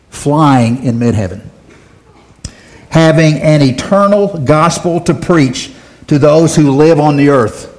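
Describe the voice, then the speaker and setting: Folksy preacher with a raised voice. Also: male voice, on the high side, rough recording. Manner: folksy preaching, rises loud when quoting. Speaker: pastor. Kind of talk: sermon.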